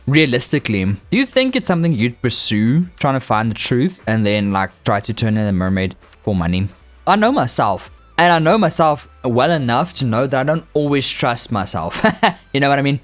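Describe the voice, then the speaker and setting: A young man chatting casually over gameplay, rambling and joking and reading game lines aloud. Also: mid-range voice. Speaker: gaming YouTuber.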